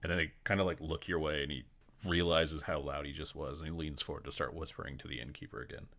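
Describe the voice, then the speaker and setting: Man, game master, casual narration, very low voice. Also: fairly even intonation, fast talker, gravelly, fairly bright tone. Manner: casual, filler-heavy narration.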